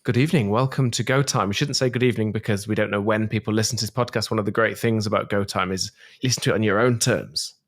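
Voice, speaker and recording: A man's voice: lowish voice, steady tone, fast talker, hardly any pauses. A man hosting a tech podcast, chatting casually and joking with his guests. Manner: playful, jokey, laughs easily. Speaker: podcast host.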